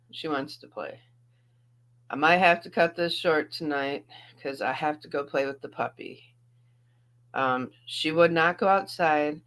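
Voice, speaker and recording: A woman's voice: low voice, unhurried, a bit bright. A woman in her thirties, a YouTube reaction streamer, chatting casually on a livestream in a rambling way and laughing often. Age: 30s.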